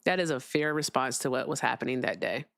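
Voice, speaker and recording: A woman's voice: extremely low pitch, quick pace, gravelly, a bit bright, no room sound. A young woman hosting a casual livestream, chatting with her viewers while she fixes her sound. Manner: chatty, talks to viewers, fiddles with sound settings. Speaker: livestream host.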